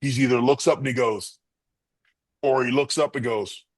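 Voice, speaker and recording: A middle-aged man tells wrestling stories with lively flair and jumps into the voices of the people in them. His pitch sits mid-range for a man. The recording is dry and close, with no room sound around him. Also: moderate pace, no echo. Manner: animated storyteller, acts out quotes. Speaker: guest, former pro wrestler. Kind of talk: storytelling interview answers.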